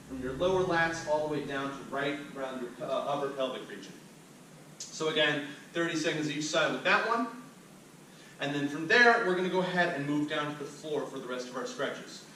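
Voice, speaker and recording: A man's voice: a little high, pushed and bright, slight background noise. A man as a fitness instructor, talking the viewer step by step through cool-down stretches as he demonstrates them. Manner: upbeat, talks the viewer through each step while demonstrating. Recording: very echoey room, mic at a distance.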